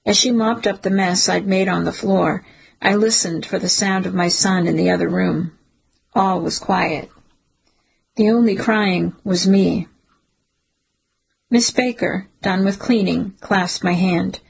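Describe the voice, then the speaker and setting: A woman reading a first-person audiobook in a measured, emotional storytelling manner. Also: medium pitch, steady tone, creaky, husky, low-quality recording. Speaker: audiobook narrator.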